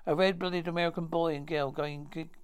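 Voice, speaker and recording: A man acting a fast-talking character in a 1950s TV drama, with brisk, stagey dialogue. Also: fairly high pitch, fairly even intonation, smooth, close to an everyday voice.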